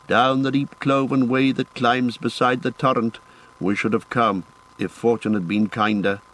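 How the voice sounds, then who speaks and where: A man voicing a weary, steady human ranger in an audiobook, speaking calmly with quiet urgency. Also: medium pitch, normal speed, lightly acted, poor audio. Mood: wistful. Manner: calm, urgent and commanding. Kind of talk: audiobook character voice.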